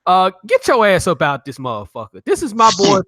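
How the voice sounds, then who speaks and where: A man's voice: sits high, huge pitch swings, fairly quick, fairly bright tone. A man hosting a livestream, asking questions and brashly trash-talking with profanity. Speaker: livestream host. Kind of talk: casual interview and chat.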